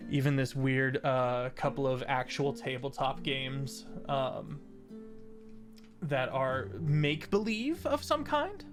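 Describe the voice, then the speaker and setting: A man narrating a tabletop game as game master, unhurried and full of fillers. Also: medium pitch. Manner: unhurried, hesitant with many fillers.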